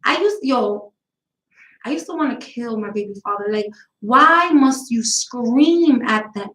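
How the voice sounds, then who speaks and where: New woman in her 30s ranting and cursing on her live show, kinda high voice, echoey room. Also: lively intonation, measured pace, fairly bright tone. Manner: blunt, profane, rambling storytelling. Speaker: host of a live talk stream. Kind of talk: casual chat.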